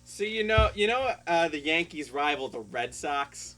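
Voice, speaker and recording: A man's voice: on the high side, animated, normal speed, pushed and bright, rough recording. A man with a slightly raised voice stumbles through his jokes with ums and restarts. He chats casually with friends on a podcast. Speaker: podcast co-host. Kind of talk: casual joking banter.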